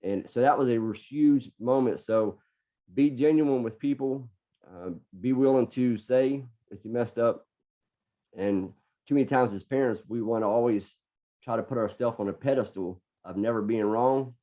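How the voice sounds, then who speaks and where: A middle-aged man, a podcast guest, telling a personal story in an earnest way and often repeating words as he gathers his thoughts. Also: mid-range voice. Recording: dull lo-fi podcast audio.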